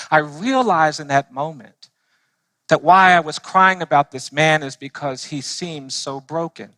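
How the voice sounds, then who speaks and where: Male lawyer giving a heartfelt church talk with earnest, slow emphasis and a bright, tense tone. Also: on the high side, no echo. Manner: earnest storytelling, slowing for emphasis. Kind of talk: impassioned speech to a church audience.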